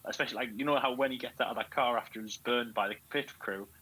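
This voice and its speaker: Casual podcast co-host from New Zealand, excitable rambler, bright with a breathy edge. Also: male voice, medium pitch, quick pace, poor audio. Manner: rambling, laughing, excitable storytelling. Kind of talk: casual chat.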